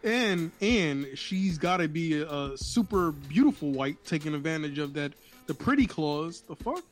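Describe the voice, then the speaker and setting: A man co-hosting a casual podcast, reacting bluntly with profane, animated comebacks. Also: a little high, normal speed, faint music behind. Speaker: podcast co-host.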